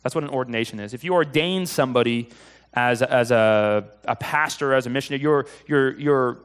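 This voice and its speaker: A man preaching a sermon in a conversational storytelling way, getting animated at exciting moments. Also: medium pitch, fairly quick, smooth. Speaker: pastor.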